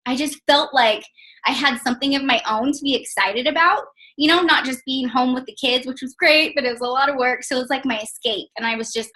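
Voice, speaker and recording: A woman's voice: high voice, pushed and bright, low-quality recording. A young woman telling her personal story in a casual testimonial, chatty and full of "like" and "um". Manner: chatty, many fillers like "like" and "um". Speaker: network marketing distributor.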